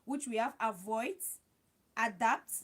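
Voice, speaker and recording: A woman with a high voice hosts a live stream and gives casual advice. She talks in a chatty, repetitive way and calls her viewers guys. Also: slow. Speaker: livestream host.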